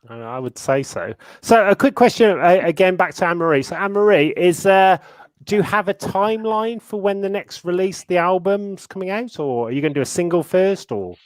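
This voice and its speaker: A man's voice: high-pitched, lively intonation, a little fast, dry recording. Upbeat male interviewer, dry sound. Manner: enthusiastic, upbeat. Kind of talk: casual interview.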